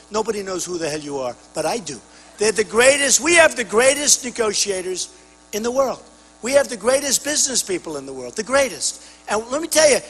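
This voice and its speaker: An older man giving a campaign rally speech at a podium microphone, boastful and repetitive, often shouting to the crowd. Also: extremely high pitch, in a large hall, rough recording. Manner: boastful, repetitive, punchy phrases. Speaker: political candidate at a rally. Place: large rally venue.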